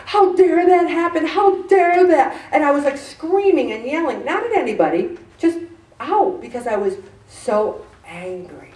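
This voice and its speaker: A woman's voice: mid-range voice, a little mellow. A woman giving an earnest, conversational faith-based self-help talk as host, often restarting her sentences. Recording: roomy, distant mic.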